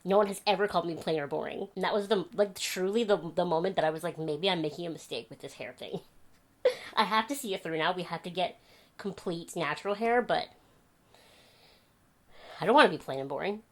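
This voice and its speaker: A woman's voice: on the low side, fairly quick. Chatty young woman telling stories at home. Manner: chatty, animated storytelling with laughs. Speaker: vlogger. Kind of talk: casual chat to camera. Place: home bedroom.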